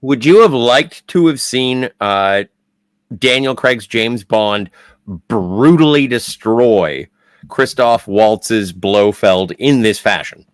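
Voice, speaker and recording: A man's voice: mid-range voice, lively intonation, slow pace, no echo. A man co-hosting a podcast in casual chat, eagerly jumping in with questions and praise. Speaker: podcast co-host.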